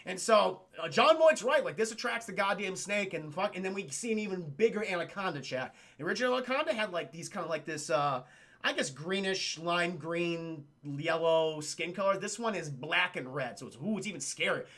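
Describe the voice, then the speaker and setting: A man streaming a profane film recap to his chat, animated and acting out characters in goofy voices. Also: high-pitched, a little fast.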